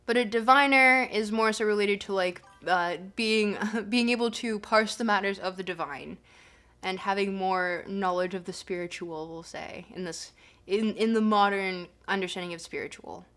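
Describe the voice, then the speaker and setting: A woman's voice: mid-range voice, moderate pace, a bit bright. Giggly woman explaining philosophy casually. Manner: chatty, giggly, many fillers. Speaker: streamer reading and explaining philosophy. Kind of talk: casual live-stream commentary.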